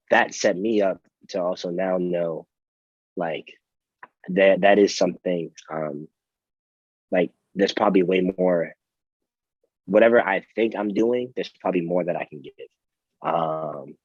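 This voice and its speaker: A young man with a very low voice tells a story in a casual interview, rambling and restarting his sentences with plenty of fillers. The sound is dry and a little dull, with no room echo. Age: young adult. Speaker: college athlete guest.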